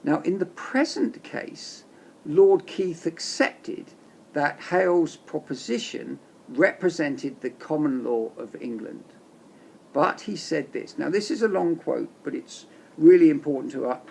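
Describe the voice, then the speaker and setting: A man giving a measured, emphatic lecture on case law, reading quotations aloud. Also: on the high side, lively intonation, vocal fry, darkish tone, slightly rough. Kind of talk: explanatory lecture narration.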